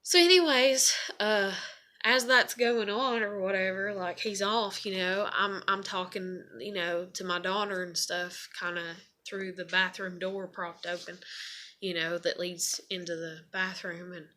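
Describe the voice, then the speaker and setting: Woman vlogger, bright and forceful, rambling and profane, heavy "you know" fillers, venting. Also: mid-range voice, fairly even intonation, unhurried. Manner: frustrated and venting. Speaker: mother telling a personal story. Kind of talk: casual storytelling vlog.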